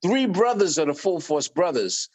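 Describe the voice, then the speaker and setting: A middle-aged man, a guest on an interview podcast telling animated stories and acting out quoted voices. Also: fairly high pitch, normal speed. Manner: lively anecdotes, acts out quoted voices. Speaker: guest musician.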